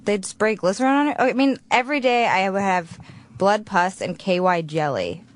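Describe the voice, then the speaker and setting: A woman's voice: mid-range voice, expressive, moderate pace. A young actress on a studio radio talk show, chatting casually and self-deprecatingly, often restarting her sentences. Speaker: actress guest.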